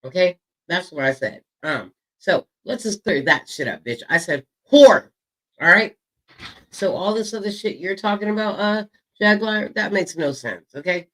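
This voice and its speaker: A man's voice: high-pitched, lively intonation, normal speed, pushed and bright, low-quality recording. A man hosting an online drama show, taunting and insulting a rival with constant profanity. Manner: profane taunting, stretching words for emphasis. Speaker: show host. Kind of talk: heated drama commentary.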